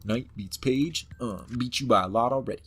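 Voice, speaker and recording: A man's voice: mid-range voice, moderate pace, a bit bright, husky, faint music behind. A man playing a computer game, reading its text aloud and commenting on it in a playful, hammed-up way. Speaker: let's-play host.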